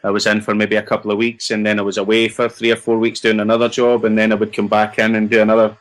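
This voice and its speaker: A man's voice: fairly low pitch, monotone, quick pace. Chatty Scottish man, actor guest. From Scotland. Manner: chatty, rambling, self-deprecating. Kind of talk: casual interview answers.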